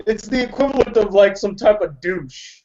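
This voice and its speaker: A man's voice: sits high, lively intonation, normal speed, mellow, lo-fi sound. A man hosting a casual movie debate, playful and argumentative, laughing often. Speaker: host.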